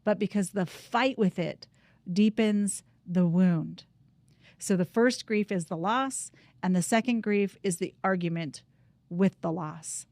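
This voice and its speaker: A middle-aged woman speaking earnestly and from the heart, leading listeners through a calm guided practice. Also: medium pitch, measured pace, no echo. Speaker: grief coach and host. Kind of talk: reflective personal talk and guided practice.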